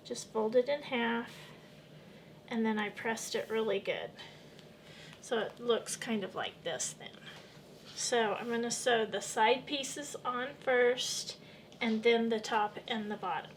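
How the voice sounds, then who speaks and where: A woman's voice: a little high, fairly even intonation, takes it slowly, slight background noise. A woman hosting a casual quilting tutorial, chatty and friendly, explaining each step as she works. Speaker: quilting channel host.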